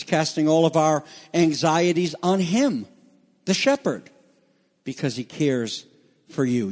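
A man's voice: a little high, a little mellow. A man preaching a sermon as pastor, reading scripture and explaining it earnestly.

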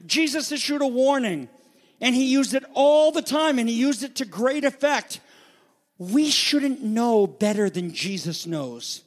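A man with a notably high voice delivers an urgent sermon. He hammers his points with emphatic declarations and rhetorical questions, then drops to hushed asides before building again. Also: expressive, unhurried. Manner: asks rhetorical questions and repeats phrases. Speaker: preacher.

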